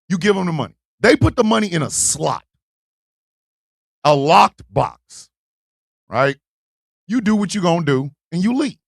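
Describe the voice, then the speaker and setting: A man with a high, gravelly voice tells a comic story, swinging his pitch up and down as he acts out everyone in it. His tone is husky and a little raspy, and he swears freely. The sound is close and dry. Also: no echo. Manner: animated, profane, acts out voices in his stories. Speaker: podcast host. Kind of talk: comedic storytelling.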